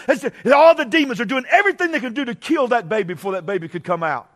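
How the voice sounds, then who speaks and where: A middle-aged male pastor preaching, swinging from conversational asides to shouted, drawn-out climaxes. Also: very high voice, animated. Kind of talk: Pentecostal-style preaching. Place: church sanctuary.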